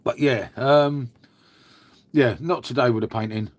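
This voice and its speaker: A man's voice: mid-range voice, measured pace, dry recording. An English man hosting a casual live stream from home, rambling chattily, swearing now and then and answering his chat. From England.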